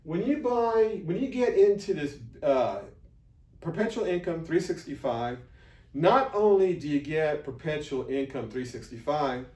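A man recording an unscripted video pitch for his marketing offer, rambling and restarting often, blunt and pushy. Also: animated, unhurried, mellow, echoey room, distant mic. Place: room, filming himself beside a board.

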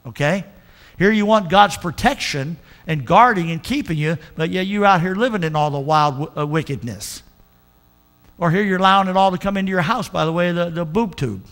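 An older man preaching a sermon as pastor, moving between hushed, slow passages and emphatic, rising exhortation. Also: high-pitched.

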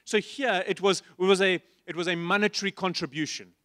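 A man preaching a sermon as pastor, passionately asking the congregation repeated questions and dropping to quiet asides. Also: fairly even intonation, fairly quick, no echo, clean studio sound. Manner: shifts between loud emphasis and soft, low asides. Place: church stage.

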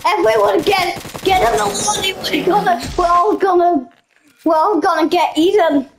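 A young woman playing a video game with excitable live commentary, giggling and shouting out reactions. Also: very high-pitched, normal speed, creaky. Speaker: gamer. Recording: noisy game sounds with gunfire behind.

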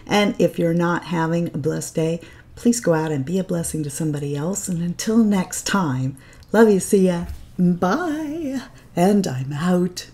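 A woman's voice: on the low side, moderate pace, mellow. A middle-aged woman beauty vlogger chatting casually through a makeup routine, homey and upbeat with a faith-tinged sign-off. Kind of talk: casual get-ready-with-me chat.

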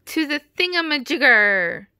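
A woman voicing a cheerful male cat guide in a children's storybook read-aloud, in a lively reading voice. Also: high-pitched, unhurried, no echo, clean studio sound, voice pushed up, full character voice.

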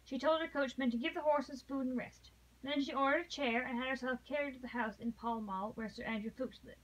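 A woman reading a classic novel aloud, pausing and restarting, growing dramatic at emotional passages. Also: high voice, steady tone, rough recording. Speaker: reader.

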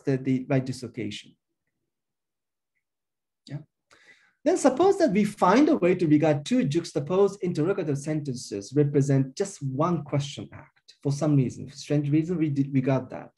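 A man with as his delivers an academic linguistics lecture in a mellow, slightly raised voice. His pitch rises and falls a lot as he explains each point step by step. He fills his pauses with frequent uh and um. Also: big pitch swings. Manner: explanatory, thinking aloud with frequent uh and um.

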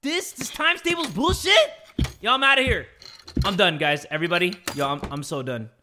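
A young man doing let's-play commentary, excitable and jokey, shouting when scared. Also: sits high, a little fast, background noise. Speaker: gaming YouTuber. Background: game music.

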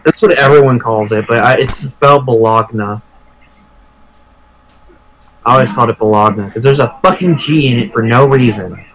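A man's voice: medium pitch, fast, a bit bright, rough recording. Young man swearing through casual game chat. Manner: swears a lot, joking, rambling. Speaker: let's play co-commentator. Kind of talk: casual gaming commentary.

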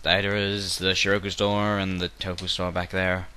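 A man's voice: low voice, little pitch movement, moderate pace, pushed and bright, a little hiss or hum. A young man giving casual game commentary at home, rambling and jokey and breaking into silly voices. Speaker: let's play commentator. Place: bedroom at home.

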